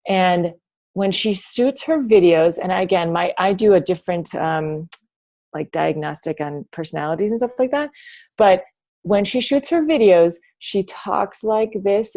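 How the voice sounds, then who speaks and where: A woman's voice: fairly low pitch, unhurried, mellow. A woman coaching her team over a video call from home, chatty and rambling with many restarts. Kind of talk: motivational team talk.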